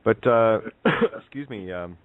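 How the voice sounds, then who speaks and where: Low-voiced man hosting a call, tinny line. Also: no echo. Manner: relaxed, halting, many fillers and restarts. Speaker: host of an online call-in forum. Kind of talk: casual group call. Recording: tinny phone-like call audio.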